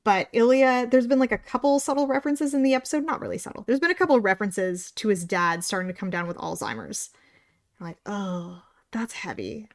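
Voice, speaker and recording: A woman's voice: on the high side, quick pace, few pauses. Canadian woman, young, casual podcast co-host, rambling and wry. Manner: chatty, tangents, sarcastic asides. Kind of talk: casual chat.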